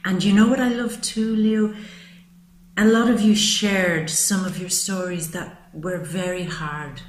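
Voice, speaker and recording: A woman's voice: medium pitch, fairly even intonation, unhurried, roomy sound, rough recording. A woman giving a monthly tarot reading to camera, talking to her viewers in an affectionate, gushing way. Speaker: tarot reader.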